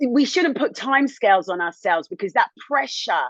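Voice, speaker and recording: A woman's voice: normal speed, no echo, highs cut off. Candid woman sharing a hard story. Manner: candid, animated, swings high when indignant. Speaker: interview guest, TV presenter. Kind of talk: emotional personal testimony.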